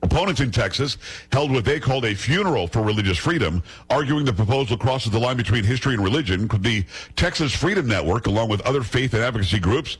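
A man's voice: medium pitch, lively intonation, quick pace, hardly any pauses, husky, poor audio. A male talk radio host delivering an opinionated, combative monologue with a scornful, emphatic manner.

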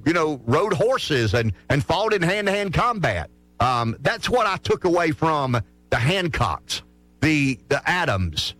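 A man's voice: on the high side, fairly bright tone, no echo. A man with a rural Southern accent, hosting morning radio talk, speaking passionately and emphatically, repeating words as he builds his point. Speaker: radio host.

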